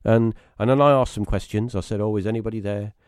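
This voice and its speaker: A man with a British accent, a guest telling rambling personal stories casually, restarting often and jumping into high voices when he quotes people. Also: fairly even intonation, quick pace, a little mellow, smooth, dry recording, studio quality. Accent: British English. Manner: rambling anecdotal storytelling with many restarts; acts out quoted voices with sudden high pitch. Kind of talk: casual storytelling on a live stream.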